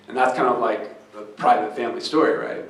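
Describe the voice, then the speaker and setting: A man's voice: mid-range voice, steady tone, a little fast, creaky, a bit bright. A man who founded a startup speaks earnestly to a live event audience. He tells a story with many restarts. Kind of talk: live fireside chat. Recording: echoey room.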